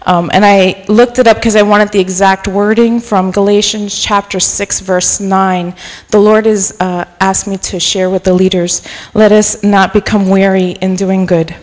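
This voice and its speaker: A middle-aged woman gives a sermon in a casual, chatty way. Her voice sits at an ordinary pitch and carries a long reverb, as if heard through a church sanctuary. She jokes at her own expense and then turns warmly earnest. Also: little pitch movement, a little slow. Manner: chatty and self-deprecating, softening to earnest encouragement. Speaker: guest preacher. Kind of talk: informal sermon.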